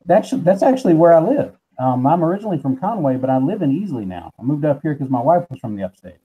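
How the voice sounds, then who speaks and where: A man's voice: a little high, sing-song, quick pace, highs cut off, slight background noise. A man from South Carolina with a Southern accent, chatting easily as a player in a tabletop game and often repeating words while he thinks. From South Carolina, USA. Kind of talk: casual chat at a tabletop game.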